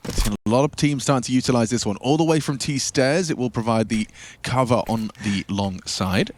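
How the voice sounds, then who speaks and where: A man giving animated esports commentary, breaking into hype outbursts. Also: medium pitch, fairly quick. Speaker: esports co-caster. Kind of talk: color commentary. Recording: noisy broadcast feed.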